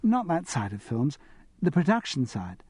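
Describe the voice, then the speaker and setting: A man's voice: a little high, wildly swooping pitch, moderate pace, breathy edge, dry recording, pitched above the performer's own voice, heavily acted. A man voicing a giggly, easily impressed upper-class teenage girl with an English public-school accent in an audiobook. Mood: girlish eager. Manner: girlish, bright, enthusiastic. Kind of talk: audiobook character voice.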